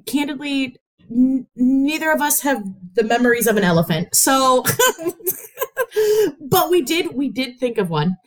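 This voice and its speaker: A woman from the US Midwest with a Chicago-tinged Midwestern accent and a slightly nasal voice, telling stories in an animated, laughing way on a podcast. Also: high-pitched, a little slow, a little hiss or hum. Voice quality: a little nasal. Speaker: interviewer, host's sister. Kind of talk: casual podcast storytelling.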